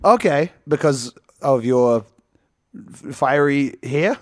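A man's voice: medium pitch, expressive, slow, darkish tone, no room sound, studio quality. A man co-hosting a casual comedy podcast, rambling and joking and laughing often. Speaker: podcast co-host.

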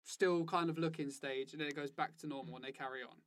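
A man chatting casually about a video game, animated, swearing freely and acting out lines of game dialogue. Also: a little high, fast talker. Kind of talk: casual gaming chat.

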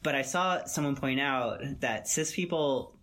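A man's voice: mid-range voice, measured pace, fairly bright tone. A man in casual conversation, talking earnestly in long, loose sentences full of "like" and "you know".

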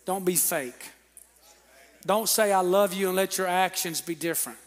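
A man preaching a sermon in a church, calling on the congregation to answer back and building to shouted peaks. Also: high-pitched, moderate pace. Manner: preaching with call-and-response to the congregation. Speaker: pastor. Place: church sanctuary. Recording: long reverb of a church hall.

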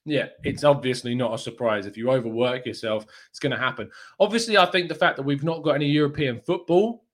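A man hosts a football fan show live and talks in a loose, chatty way. His voice sits at an ordinary middle pitch and his delivery is upbeat. He answers viewer comments as he goes. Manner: chatty and upbeat, with frequent fillers and quick laughs.

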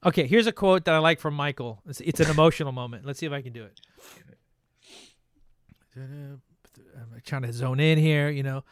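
A man's voice: on the high side, normal speed, long pauses, clear, resonant tone, dry recording. Playful podcast host, man, dry sound. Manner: playful, then earnest when asking questions. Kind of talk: casual chat.

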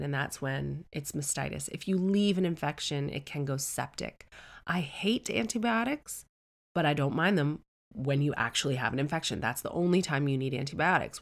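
A woman in her forties telling a comic story in a blunt, sweary, animated way, switching voices for quotes. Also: deep voice, moderate pace.

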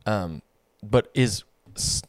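A man's voice: lowish voice, drawn-out words, no room sound. Rambling young man in casual chat. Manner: rambling, filler-heavy, thinks aloud. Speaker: podcast co-host.

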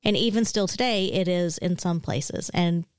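A woman co-hosts a casual podcast and walks through her history notes in a relaxed, chatty way, full of little fillers. Her voice is dry and close, with no room sound. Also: on the low side, moderate pace, smooth, no echo. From Australia. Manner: chatty and explanatory, with frequent fillers like "so" and "like". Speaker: podcast co-host.

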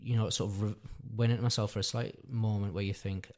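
Earnest dad telling a story. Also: male voice, lowish voice, level tone, fast talker, a little mellow. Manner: rambling, self-correcting, earnest. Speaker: podcast guest, father. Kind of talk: casual storytelling chat.

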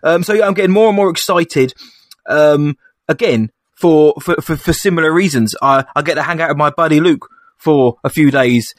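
A young man co-hosting a casual podcast chat, excitable and chatty, calling his friend "mate". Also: on the high side, no room sound, clean studio sound. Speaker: podcast co-host.

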